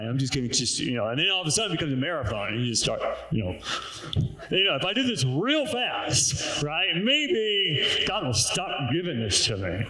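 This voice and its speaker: A man's voice: on the high side, very animated, normal speed, bright, forceful tone. A man preaching a casual, joking sermon and reading scripture aloud, chuckling at his own jokes. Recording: very echoey room.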